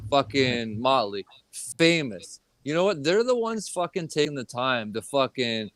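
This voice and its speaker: A man's voice: mid-range voice, no echo. A man co-hosting a casual chat show, ranting heatedly and swearing constantly. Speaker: co-host.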